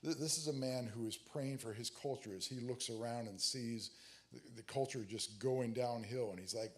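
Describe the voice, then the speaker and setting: A man giving a sermon on prayer in a conversational, halting way, with many fillers and restarts, who reads scripture aloud with rising emphasis. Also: medium pitch. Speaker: prayer teacher. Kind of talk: sermon teaching.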